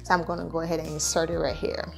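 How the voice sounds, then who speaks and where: A woman's voice: deep voice, vocal fry. Chatty woman recapping a TV show. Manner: chatty, slangy, repeats herself. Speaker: TV show reviewer. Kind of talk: casual recap commentary.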